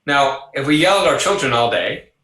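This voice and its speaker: An older man speaks with a bright, forceful tone, lively and conversational as he explains his ideas. He acts out little voices in his examples, and the room rings around him with noticeable echo. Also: mid-range voice, moderate pace. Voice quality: animated, acts out voices in anecdotes. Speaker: psychologist guest. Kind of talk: conversational interview.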